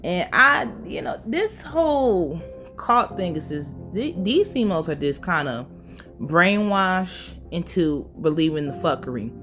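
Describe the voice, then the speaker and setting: A woman's voice: fairly low pitch, big pitch swings, a little slow, a bit bright, soft background music. A woman giving a casual, blunt and profane recap of a TV episode, full of her own opinions. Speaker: show recap host.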